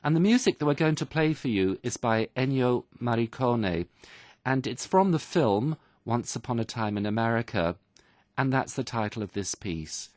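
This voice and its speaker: A man's voice: mid-range voice, animated, moderate pace, darkish tone, no room sound, clean studio sound. A man presenting a radio English lesson, explaining phrases in a patient, teacherly way.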